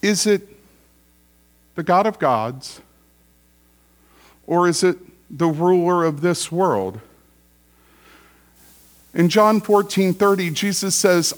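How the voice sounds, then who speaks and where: A man's voice: high voice, takes it slowly, long pauses. A male pastor preaching a sermon in a conversational, storytelling way, repeating key phrases for emphasis.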